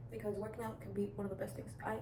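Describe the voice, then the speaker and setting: A woman's voice: mid-range voice, little pitch movement, racing. Chatty teen girl in an echoey room. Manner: rambling, chatty, many restarts and "like" fillers. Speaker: vlogger. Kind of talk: casual advice vlog. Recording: echoey room with clear background noise.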